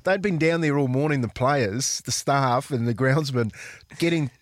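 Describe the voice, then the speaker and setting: A man's voice: medium pitch, normal speed, no room sound, clean studio sound. A New Zealand man, a former rugby league player, telling chatty stories on the radio and calling people "mate". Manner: chatty, laughing, says "mate" often. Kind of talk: casual storytelling on radio.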